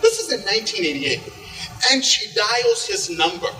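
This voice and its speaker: A middle-aged man from Oklahoma telling a comic story live to an audience, animated and acting out quoted lines. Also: sits high, moderate pace, faint music behind. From Oklahoma, USA. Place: large hall with an audience. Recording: echoey hall, far from the mic.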